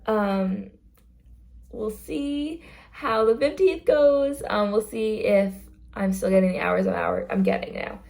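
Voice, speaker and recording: A woman's voice: mid-range voice, slow, gravelly, darkish tone. A young woman chatting casually in a vlog about her work as a theme park greeter, earnest and full of fillers. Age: young adult.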